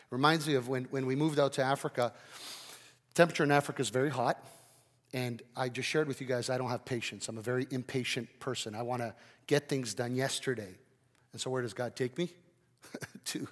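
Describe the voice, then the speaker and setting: A man preaching a sermon with great energy, his volume swinging from loud to quiet. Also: mid-range voice, moderate pace, long pauses, long reverb tail. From Canada. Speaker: pastor.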